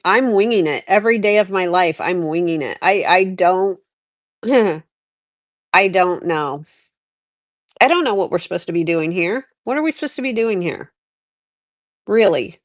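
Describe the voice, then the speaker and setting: A woman's voice: medium pitch, no echo. A middle-aged woman hosting a livestream, chatting candidly and rambling through her life story. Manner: rambling, candid, reflective, many restarts. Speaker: livestream host. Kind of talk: casual livestream chat.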